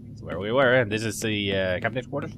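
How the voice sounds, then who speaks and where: A man's voice: lowish voice, brisk, background noise. A man giving chatty, joking let's play commentary as he plays a game. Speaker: gamer commentator.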